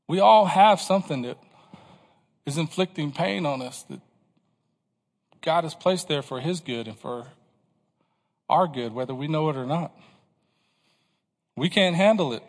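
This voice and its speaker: A man's voice: a little high, a little slow, pauses often, in a large hall. A man preaching a sermon to his congregation, asking questions and pressing his points with emphasis. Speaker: pastor.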